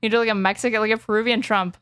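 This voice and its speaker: A woman's voice: on the high side, steady tone, very fast, a bit bright, smooth, no echo, clean studio sound. A woman co-hosting a casual chat, blunt and laughing often, swearing freely. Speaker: co-host.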